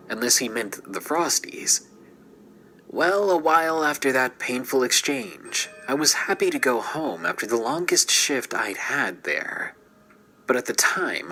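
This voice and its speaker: A man's voice: medium pitch, bright, forceful tone, a little hiss or hum, poor audio. A man narrating a true scary story in a scripted, dramatic way and dropping into whispers at tense moments.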